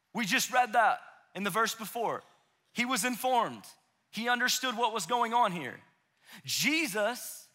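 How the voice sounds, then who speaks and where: A man in his thirties gives a sermon in a light, high voice with a bright, forceful edge. He speaks casually, acts out the voices of the people he quotes, then drops to a near hush to drive a point home. The tone is conversational rather than formal. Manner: dynamic, drops to hushed intensity for emphasis. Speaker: pastor. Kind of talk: sermon to young adults. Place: church auditorium.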